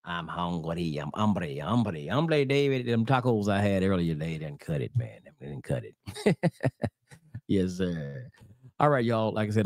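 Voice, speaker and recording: A man preaching in a casual livestream, blunt and profane, with slangy talk, reading scripture slowly. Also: sits low, mellow, no room sound, clean studio sound. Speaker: Torah teacher.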